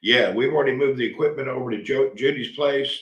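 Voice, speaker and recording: A middle-aged man from Tennessee, hosting a rambling, animated live chat and reading out viewer comments. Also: medium pitch, brisk, echoey room, muffled recording. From Tennessee, USA. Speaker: livestream host.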